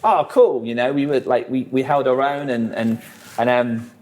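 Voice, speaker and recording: A man's voice: mid-range voice, moderate pace, darkish tone. A man, a musician guest telling rambling stories in a casual interview, full of fillers and swearing.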